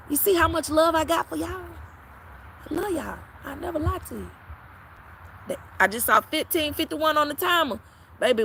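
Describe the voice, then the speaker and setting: A woman's voice: high-pitched, rough recording. A woman tarot reader talking bluntly and profanely to her followers in a live-stream chat. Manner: brash, profane, preachy, with sudden loud peaks.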